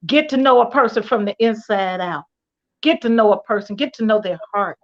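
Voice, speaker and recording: An older woman, a retired police officer and actor, telling her story as a radio guest in an animated way and repeating her key phrases for emphasis. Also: mid-range voice, brisk. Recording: muffled lo-fi livestream audio.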